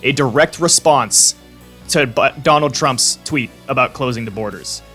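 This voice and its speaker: A man's voice: mid-range voice, moderate pace, bright, forceful tone, soft background music. A man hosting a commentary vlog, ranting bluntly with sarcasm and plenty of swearing. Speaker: vlog host.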